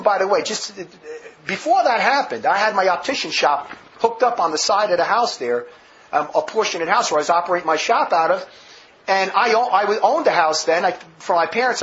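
A man's voice: high-pitched, lively intonation, fairly quick, fairly bright tone, a little hiss or hum. A man preaching a sermon full of stories, vehement and rambling, with many restarts, on a dull lo-fi recording.

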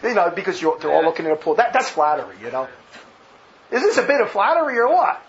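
Emphatic, mocking male commentator, fairly high voice, faint hiss underneath. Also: sing-song, fast. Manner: emphatic, sarcastic, laughs at his own jabs. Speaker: religious commentator. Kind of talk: ranting commentary on a speech. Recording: dull lo-fi with faint noise.

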